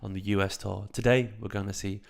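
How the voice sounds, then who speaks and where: A man putting on the voice of a soft-spoken male ASMR sports presenter in a whispered role-play, with a raspy voice. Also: on the low side, fairly even intonation, brisk. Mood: mock-soothing.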